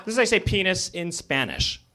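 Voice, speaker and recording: A man doing live stand-up comedy, with a shouted mock-angry chant, on a club stage. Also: sits high, very animated, a little fast, crowd noise.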